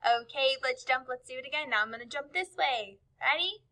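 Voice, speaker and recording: A woman's voice: high voice, fairly quick, sharp tone. A woman teacher, out of breath, leading a cheerful spelling lesson for young children and encouraging them as she jumps along. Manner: cheerful, encouraging, spells letters aloud while jumping.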